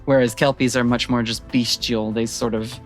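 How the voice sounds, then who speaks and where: A man's voice: mid-range voice, level tone, normal speed, soft background music. A man narrating a tabletop role-playing game as game master, describing scenes in a rambling way with frequent fillers.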